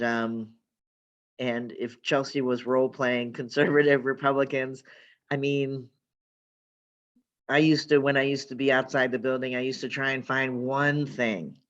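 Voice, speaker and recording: A woman politician giving casual, halting advice and stories to young activists, with many fillers, over a video call. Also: a bass voice. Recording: dull lo-fi call audio.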